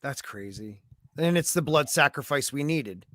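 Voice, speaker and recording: A man hosting a podcast, chatting casually and getting excited as he agrees with his guest. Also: mid-range voice, normal speed, dry recording, studio quality. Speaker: podcast host.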